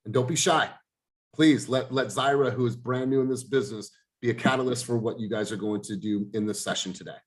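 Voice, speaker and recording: A man's voice: mid-range voice, brisk. A man hosting a group coaching video call, speaking in an intense, emphatic way and swearing now and then.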